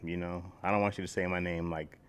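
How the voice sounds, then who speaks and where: A man's voice: sits low, level tone, fast, slight background noise. A man co-hosting a comedy podcast, chatting casually and telling jokey stories where he acts out other people's voices. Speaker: podcast co-host.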